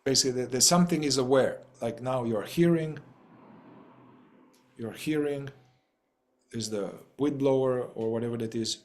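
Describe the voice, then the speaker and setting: A man's voice: mid-range voice, normal speed, long pauses. A man facilitating a group talk over a video call, casual and playful, often laughing and trailing off mid-thought.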